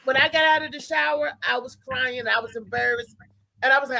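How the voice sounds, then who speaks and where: A woman's voice: high voice, steady tone, brisk, gravelly, pushed and bright, rough recording. A woman co-host animatedly telling a story in casual chat, laughing as she goes.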